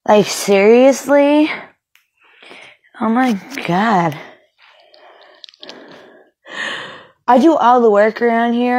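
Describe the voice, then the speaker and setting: A woman's voice: a little high, gravelly, darkish tone, exaggerated voice, rough recording. A young woman acting a volatile young woman kicked out by her family, ranting and swearing with sarcasm in an amateur film. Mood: bitter.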